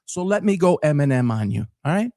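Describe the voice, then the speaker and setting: A man in his fifties from Detroit with a Detroit accent, talking straight to camera in an unscripted monologue. His voice sits a bit high for a man, and he speaks earnestly and emphatically, repeating words as he builds his points. The recording is dry and close, with little room sound. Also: big pitch swings, fairly quick, dark tone, no echo. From Detroit, Michigan. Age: 50s. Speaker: sports talk show host.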